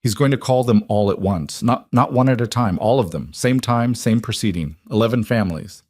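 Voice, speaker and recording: A man voicing a determined young frontier woman who speaks flat and measured in a storybook reading. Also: on the low side, dry recording, clean studio sound, lightly acted. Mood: steady, urgent.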